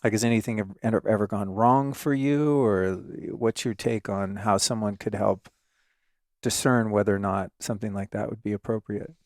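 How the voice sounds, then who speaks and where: A man's voice: lowish voice, fairly even intonation, normal speed, darkish tone, no room sound, studio quality. A man hosting a podcast interview, asking thoughtful, hedging questions in a casual chat and laughing easily. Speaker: podcast host.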